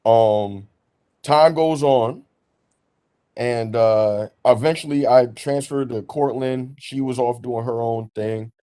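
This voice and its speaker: A man's voice: mid-range voice, takes it slowly. Slangy young man telling a story. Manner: animated, slangy, laughs through his story. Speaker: podcast host. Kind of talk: casual storytelling chat.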